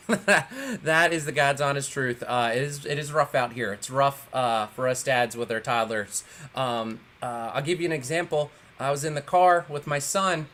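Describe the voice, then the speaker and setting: Guy doing stand-up on a zoom call, super lively pitch, yells out bits of his stories, little bit of hiss. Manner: animated storytelling with loud acted-out shouts. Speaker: comedian. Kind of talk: stand-up comedy set. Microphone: video call.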